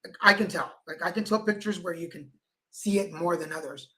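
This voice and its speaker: A man co-hosting a relaxed livestream talk show, talking in a bright, clear voice. He tells long anecdotes, slips into the voices of the people he quotes, and laughs easily along the way. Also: high-pitched, brisk. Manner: chatty storyteller, acts out quoted people. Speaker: co-host. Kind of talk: casual livestream chat.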